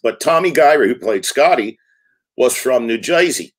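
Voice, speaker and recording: A man in his sixties, a film director, telling lively anecdotes in an interview and acting out quotes. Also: medium pitch, moderate pace. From United States. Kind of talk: storytelling interview talk.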